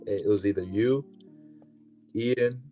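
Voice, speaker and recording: A man who coaches basketball, joining a casual podcast chat with a halting, joking manner. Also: on the low side, mellow, muffled recording, soft background music.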